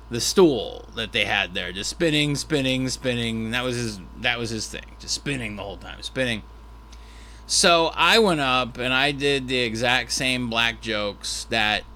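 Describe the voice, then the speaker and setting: Slow, bright-voiced rambling male comedian. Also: mid-range voice. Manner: rambling, self-deprecating, with restarts and asides. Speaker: stand-up comedian. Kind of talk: storytelling monologue.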